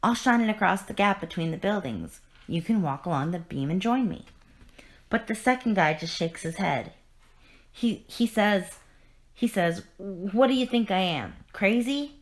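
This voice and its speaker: A woman reading aloud the lines of a bitter, broken male clown villain, getting louder as she tells his joke. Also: medium pitch, lively intonation, unhurried, close to an everyday voice. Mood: storytelling.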